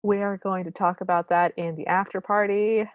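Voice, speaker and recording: A woman's voice: mid-range voice, steady tone, normal speed, no room sound, highs cut off. Wry woman co-hosting a podcast. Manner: wry, apologetic storytelling. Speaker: podcast co-host. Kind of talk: casual recap chat.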